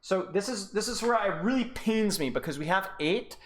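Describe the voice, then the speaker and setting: A man with a high-pitched, animated voice coaches players on a live stream at normal speed. He reviews and rates game clips, rambling and sarcastic, constantly interrupting himself.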